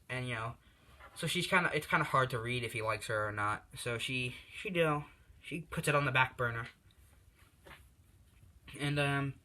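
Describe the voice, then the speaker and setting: A man's voice: medium pitch, bright, forceful tone, a little hiss or hum. A young man casually retelling a fan story, rambling with lots of fillers and restarts.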